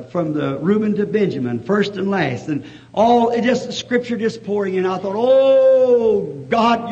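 A man preaching a sermon, telling a folksy story that rises to fervent shouting. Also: a little high. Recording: dull lo-fi old recording.

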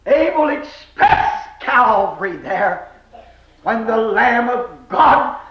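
A male preacher delivers an impassioned revival sermon, breaking into shouts and then dropping to hushed, low lines. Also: very animated, takes it slowly. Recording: echoey, dull old sermon recording.

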